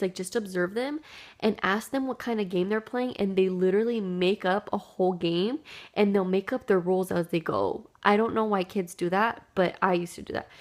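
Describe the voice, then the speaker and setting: A young woman telling a childhood story to her camera in a casual, chatty way, full of "like" and "dude". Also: medium pitch. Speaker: vlogger.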